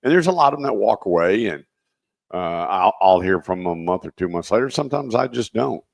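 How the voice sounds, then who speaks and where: A man co-hosting a radio show on car finance, plainspoken, telling stories about customers and clearing his throat. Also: fairly low pitch, expressive, brisk, no room sound, clean studio sound. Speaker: auto finance co-host. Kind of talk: casual radio talk. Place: radio studio. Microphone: studio microphone.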